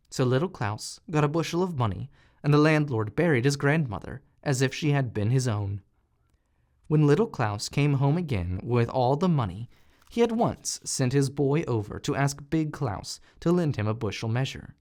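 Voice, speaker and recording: A man narrating a fairy tale audiobook in an expressive, animated reading style. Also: medium pitch, moderate pace. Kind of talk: storybook narration.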